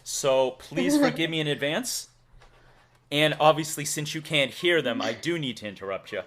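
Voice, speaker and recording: Streamer host, man, Massachusetts accent, lively up-and-down delivery, joking and laughing between lines. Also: on the high side, moderate pace. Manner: chatty, laughs often, playful. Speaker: livestream host. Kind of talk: casual stream chat.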